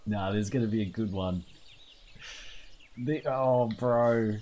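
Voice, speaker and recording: Young Australian man, gaming commentary, slow drawl, profane banter, faint hiss. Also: on the low side, warm tone. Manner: loose, profane banter, trailing off. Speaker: gaming streamer. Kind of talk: let's play commentary.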